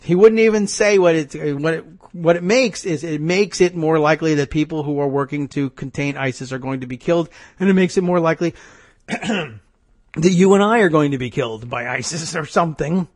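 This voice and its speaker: A man hosting a political talk show, delivering an animated, sarcastic and exasperated commentary monologue. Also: a little high, a little fast, no echo, clean studio sound.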